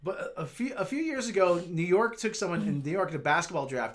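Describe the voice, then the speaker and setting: Guy hosting a stream, keeps restarting his sentences, pitch moves around a lot. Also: animated, faint music behind. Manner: halting, restarts a lot, argues his point. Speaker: streamer host. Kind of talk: casual livestream chat.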